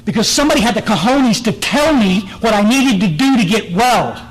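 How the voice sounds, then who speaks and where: A man's voice: high voice, expressive, a little fast, low-quality recording. A man, giving a blunt, direct recovery meeting talk full of stories and restarts, speaking in a meeting room.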